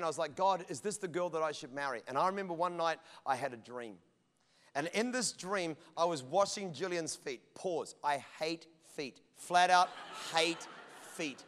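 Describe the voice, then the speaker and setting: A man's voice: a little high, moderate pace, fairly bright tone. Male pastor, middle-aged, humorous sermon storyteller, echoing church auditorium. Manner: humorous storytelling, acts out dialogue. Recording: long church hall reverb.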